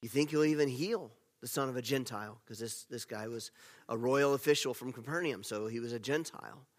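A man preaching a sermon as pastor, telling the story with animated swings between loud emphasis and hushed asides. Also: medium pitch, a little fast. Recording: long reverb of a large hall.

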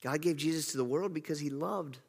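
A man's voice: on the high side, fairly quick, vocal fry, a little mellow, husky. A male pastor giving a conversational sermon, repeating phrases for emphasis. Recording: long reverb of a large hall.

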